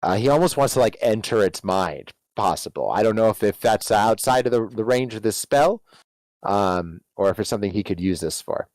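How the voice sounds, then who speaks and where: A man's voice: on the low side, animated, normal speed, darkish tone, no echo, rough recording. A man playing a tabletop game, hesitant and stammering as he asks the game master questions. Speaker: player. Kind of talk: casual tabletop play.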